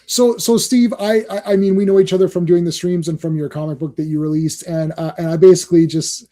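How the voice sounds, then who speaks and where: A man's voice: high voice, steady tone, a little fast, mellow. A man hosting a podcast in casual chat, rambling and enthusiastic, often laughing. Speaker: podcast host.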